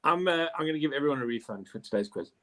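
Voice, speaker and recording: A man's voice: a little high, expressive, rapid-fire, a bit bright. Brief: male quiz host, jokey, rambly, self-deprecating. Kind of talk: joking quiz banter.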